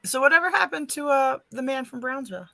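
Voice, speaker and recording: A woman co-hosting a casual podcast chat, easygoing and quick to laugh. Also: high voice, animated, creaky, sharp tone, dry recording.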